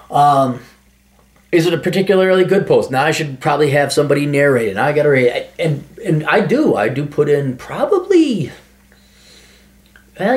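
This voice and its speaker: A man's voice: mid-range voice, a little mellow. A man hosting his own show, reading out listener comments and answering them in a sarcastic, rambling, self-mocking way. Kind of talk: casual solo commentary.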